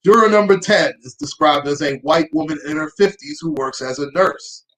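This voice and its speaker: A woman's voice: deep voice, normal speed, fairly bright tone, poor audio. A woman hosting her own show, reading out a news report and adding dry, sarcastic asides. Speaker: host. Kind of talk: reading news aloud with commentary.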